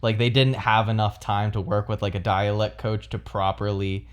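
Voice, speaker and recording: Low-voiced young man chatting about films. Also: normal speed, clear, resonant tone. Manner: relaxed, hedging with many fillers. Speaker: podcast co-host. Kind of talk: casual film discussion.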